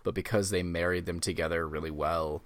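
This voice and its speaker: A young man co-hosting a podcast in casual chat, a relaxed storyteller who retells anecdotes. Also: low-pitched, fairly quick, no room sound. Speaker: podcast co-host.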